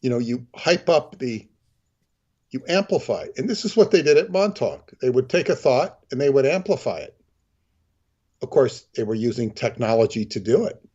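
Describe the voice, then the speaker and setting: A man co-hosting a talk show, commenting in a measured, halting way with frequent pauses and ums, heard over a dull, lo-fi line. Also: mid-range voice, expressive, a little mellow, breathy edge. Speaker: co-host. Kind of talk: discursive commentary.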